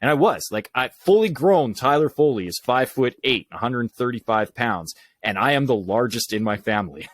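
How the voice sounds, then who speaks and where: A man being interviewed on a podcast tells animated stories with quick asides. His voice sits at a middle pitch. The sound is dry and close, with little room in it. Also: no echo. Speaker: podcast guest, public speaking coach. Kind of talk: conversational storytelling.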